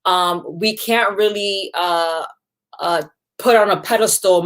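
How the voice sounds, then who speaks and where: A woman's voice: medium pitch, takes it slowly, a bit bright. A woman guest on a video call, talking earnestly and emphatically about her own experience. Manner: earnest and emphatic, acts out quoted voices. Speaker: guest speaker. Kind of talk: earnest personal talk.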